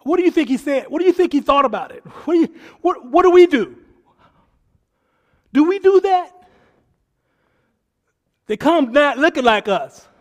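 High-pitched preacher. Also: male voice, expressive, moderate pace, pauses often. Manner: swings between hushed asides and loud preaching; mimics people in quoted voices. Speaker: pastor. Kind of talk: sermon.

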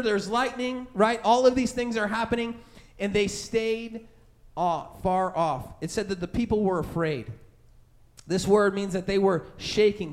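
A man preaching a sermon in a conversational way, telling a childhood story and acting out the voices of scared people. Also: high-pitched. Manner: conversational, many fillers like "right?" and "like". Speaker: pastor.

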